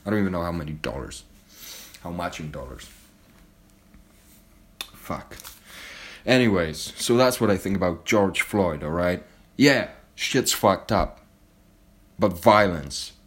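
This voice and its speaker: Low-voiced man ranting, full of profanity. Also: expressive, unhurried, long pauses, a bit bright. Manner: heavily profane, blunt, heated. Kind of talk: angry ranting monologue.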